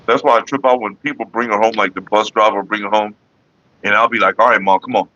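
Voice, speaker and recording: A middle-aged man chats bluntly and profanely with his livestream viewers. His voice is bright and forceful, and it sits in a dry, close-sounding space. The recording is a little dull and lo-fi. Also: lowish voice, steady tone, fast talker, dry recording. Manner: blunt and profane, talks straight to chat. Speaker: livestream host. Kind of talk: casual livestream chat with viewers.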